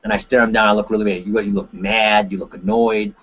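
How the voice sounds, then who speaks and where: A man, a martial arts instructor, giving a webinar talk with lively examples and frequent "right?" tag questions. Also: fairly low pitch, quick pace, slight background noise. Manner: animated, acts out examples with shifting voices. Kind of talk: webinar presentation. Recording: dull lo-fi webinar audio.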